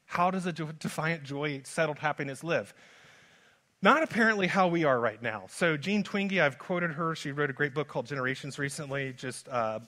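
A man preaching a sermon as pastor, moving from hushed lines to loud, urgent ones. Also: fairly high pitch. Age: adult father. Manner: dynamic preaching, swings from soft to loud.

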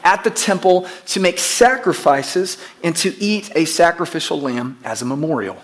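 A man's voice: fairly high pitch, expressive, normal speed. A pastor preaching to his church in an emphatic way, repeating key phrases and putting questions to the congregation. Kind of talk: sermon.

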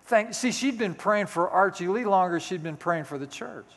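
A man's voice: high voice, animated, moderate pace. A male pastor in his sixties preaching a sermon, telling a personal story with folksy, self-deprecating humor. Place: church sanctuary. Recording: long hall reverb.

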